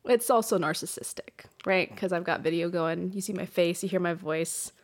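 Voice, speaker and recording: A woman's voice: on the low side, moderate pace. Frank, emotional woman podcast host. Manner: frank and emotional, swears freely. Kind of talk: candid solo podcast monologue. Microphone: podcast microphone.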